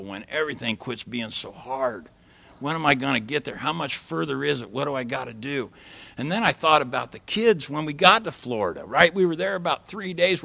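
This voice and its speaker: A middle-aged man tells stories from his own life to a recovery meeting. His voice is gravelly with a bright, forceful edge. He talks in a folksy, profane way, tagging his lines with a quick "right?". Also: a little high. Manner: folksy, swears freely, tags lines with "right?". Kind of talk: personal storytelling talk.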